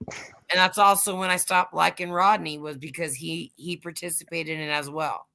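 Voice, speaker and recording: Woman streamer, casual chat, gravelly voice, bright tone, swears a lot, rambling. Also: fairly low pitch, expressive, normal speed. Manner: profane, rambling storytelling. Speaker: livestream host.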